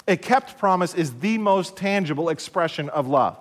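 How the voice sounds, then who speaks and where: A male pastor delivers a broadcast sermon in a high, clear voice. He speaks deliberately, repeats his key phrases, and poses rhetorical questions. A long hall reverb trails his words. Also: lively intonation.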